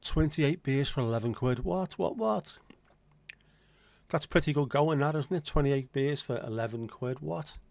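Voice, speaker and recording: A man's voice: medium pitch, normal speed, hardly any pauses, a little mellow, dry recording. Chatty man hosting a livestream. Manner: chatty and joking, answers viewer comments. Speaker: livestream host. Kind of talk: casual livestream chat with viewers.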